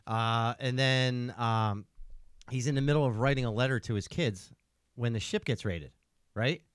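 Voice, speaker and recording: A man's voice: mid-range voice, normal speed, clean tone, no echo. A man hosts a casual podcast, spinning a long, rambling story and checking in with "right?" every few lines. His voice sits in an ordinary middle range. The recording is dry and close. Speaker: podcast host.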